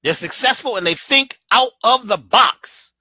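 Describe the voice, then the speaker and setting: A man giving an animated motivational talk as a guest, preachy and emphatic in a colloquial way, playing with his voice. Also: very high voice, measured pace, no echo. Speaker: guest speaker.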